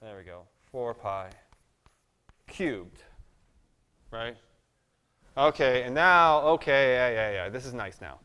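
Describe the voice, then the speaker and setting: Chatty math lecturer in a reverberant hall. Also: male voice, medium pitch, animated, slow, long pauses, sharp tone, clear, resonant tone. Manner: chatty, self-deprecating, thinks aloud at the board. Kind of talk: live classroom lecture.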